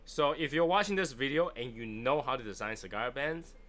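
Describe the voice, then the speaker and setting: A man's voice: mid-range voice, lively intonation, a little fast, fairly bright tone, soft background music. A man with a Chinese accent hosting a casual cigar livestream, chatty and joking as he answers viewers. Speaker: livestream host reviewing cigars. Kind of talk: casual live chat.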